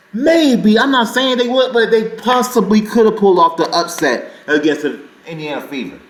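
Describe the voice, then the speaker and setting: A man with a high voice hosts a sports reaction vlog and rants in an excitable, rambling way. His pitch swings widely as he talks, and the room around him is echoey. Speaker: sports channel host.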